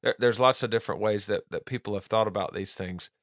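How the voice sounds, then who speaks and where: A man's voice: on the low side, quick pace, a bit bright, no echo, clean studio sound. A man hosting a podcast, teaching doctrine in an earnest, casual monologue, often restarting and repeating words and reading quotes aloud.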